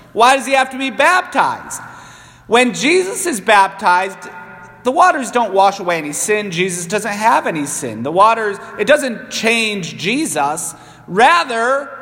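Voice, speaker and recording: A man's voice: high-pitched, very animated, a little slow, pushed and bright, long reverb tail. A man in his thirties, a priest, giving a conversational sermon with self-deprecating asides. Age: 30s. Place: church.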